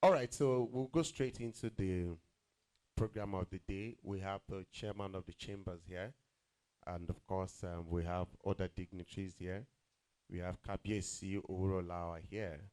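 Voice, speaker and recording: A man's voice: deep voice, fairly even intonation, moderate pace, darkish tone. A man with a Yoruba Nigerian accent hosting an event as master of ceremonies, joking and teasing the crowd with Yoruba asides.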